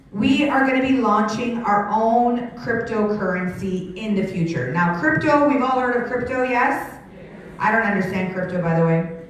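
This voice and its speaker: A woman in her sixties, giving an energetic business pitch to a live audience on a handheld mic, her voice strained from shouting. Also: recorded from a distance, slight background noise. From Canada. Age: 60s. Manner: energetic, rapid questions to the crowd. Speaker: sales presenter. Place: large room with an audience. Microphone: handheld microphone. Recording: very echoey hall, mic from afar.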